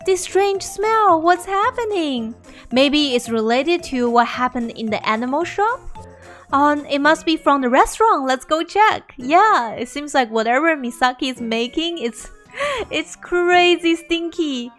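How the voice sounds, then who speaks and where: A woman's voice: high-pitched, expressive, measured pace, fairly bright tone, faint music behind. A young woman hosting a game video, commenting on a playthrough in a bubbly way and often laughing.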